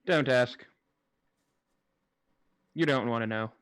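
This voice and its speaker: A man's voice: medium pitch, takes it slowly, fairly bright tone, clean tone, dry recording. Man, player, dry, short replies, casual. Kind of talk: casual tabletop play.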